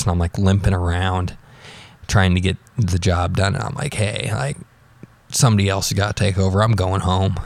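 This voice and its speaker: A man's voice: deep voice, gravelly, a little mellow. A young man telling a personal story in a rambling, offhand way, swearing freely. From United States.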